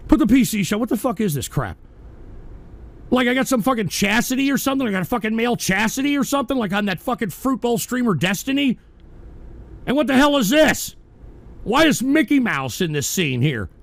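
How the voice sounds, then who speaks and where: A man's voice: extremely high pitch, sing-song, fast, creaky, dry recording. A man hosting a radio show, ranting angrily and swearing at his audience. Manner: profane, exasperated, ranting. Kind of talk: angry live-stream rant.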